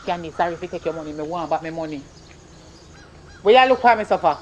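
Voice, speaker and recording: A performer playing a stern, broke Jamaican mother who scolds her son in rapid patois. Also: mid-range voice, lively intonation, a little hiss or hum, natural voice. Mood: scolding. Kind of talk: comedy skit acting.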